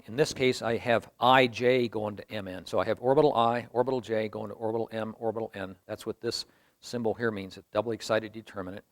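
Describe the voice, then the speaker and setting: A man delivering a university lecture in a mid-range voice, walking his listeners through each step with patient explanation. He thinks aloud as he works through the material at the board. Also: medium pitch.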